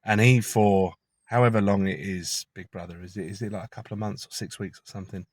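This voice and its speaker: A low-pitched man rambles through a conspiratorial monologue from his car. His delivery is chatty and casual, with the odd swear word. The sound is dry and close, with no room echo. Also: fairly even intonation, brisk, a little mellow. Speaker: vlogger.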